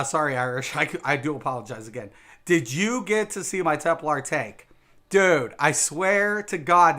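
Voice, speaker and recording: A man streaming a game live chats casually with viewers, rambling emphatically, repeating words and saying "dude" a lot. His voice is a little high, pushed and bright, and he sounds slightly tipsy.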